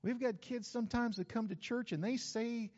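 A man preaching a sermon as pastor, lively and conversational with asides to the congregation. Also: extremely high pitch, moderate pace. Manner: animated preaching with asides and acted-out quotes. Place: church sanctuary. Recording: dull sound with long hall reverb.

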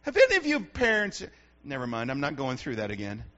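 Male pastor, high and bright voice, punchy repetitive preaching, muffled sermon recording. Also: huge pitch swings, a little fast. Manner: emphatic, repetitive preaching with rhetorical questions.

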